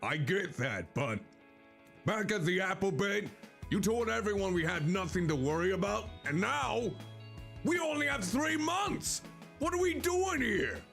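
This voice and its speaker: A man's voice: high-pitched, big pitch swings, measured pace, gravelly, fairly bright tone, faint music behind, voice pushed up, exaggerated voice. A man voicing a frustrated, loyal store employee who complains in rising tones. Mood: exasperated.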